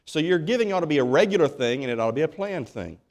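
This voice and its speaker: A pastor preaches in church with a fairly high, lively voice, talking fast. He's folksy and emphatic, frequently starting his phrases over.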